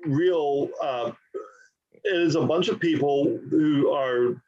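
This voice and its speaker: A man co-hosting a podcast, speaking in a halting, agreeable way with lots of fillers. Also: a little high, lo-fi sound. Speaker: podcast co-host. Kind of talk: casual political chat.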